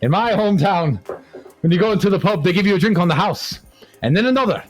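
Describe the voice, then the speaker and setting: Guy doing a cheeky put-on drinker, brags high and excited, husky edge. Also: quick pace, soft background music. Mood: boastful. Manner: high, gleeful, sly. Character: boozy boastful Irishman in a pub joke.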